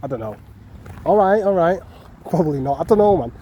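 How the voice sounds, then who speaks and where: A man's voice: on the high side, animated, fairly quick, mellow, dull audio, slight background noise. A man with a Mancunian accent chatting to his viewers in a casual, jokey walking vlog outdoors, swearing freely. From North West England. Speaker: vlogger. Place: outdoor parkland.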